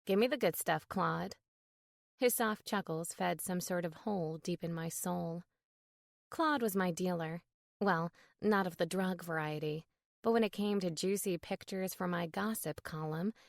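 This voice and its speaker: A woman's voice: on the low side, gravelly, no room sound, clean studio sound. Wry woman reading a romance novel. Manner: wry, brisk, animated dialogue. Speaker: audiobook narrator. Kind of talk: scripted first-person narration.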